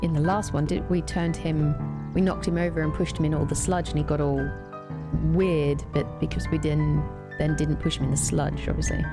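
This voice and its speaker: A woman's voice: sits low, level tone, moderate pace, over music. A woman casually commenting as she plays a video game, chatty and easily amused. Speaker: let's play host.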